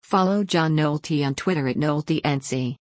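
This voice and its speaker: A woman reading an opinion column aloud in a steady, measured way, leaning on rhetorical questions. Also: sits low, no echo, clean studio sound. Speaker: article reader.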